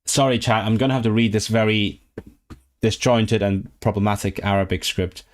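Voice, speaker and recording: A man's voice: on the low side, fairly even intonation, moderate pace. A man from Hong Kong livestreaming for his chat as he learns a language, sounding out and repeating words and correcting himself aloud.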